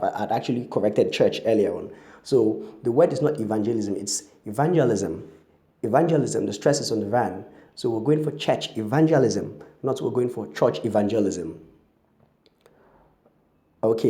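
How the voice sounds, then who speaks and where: A man's voice: medium pitch, warm tone. A man giving a spoken English pronunciation lesson, spelling words out letter by letter with frequent "you know" and "um". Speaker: pronunciation teacher.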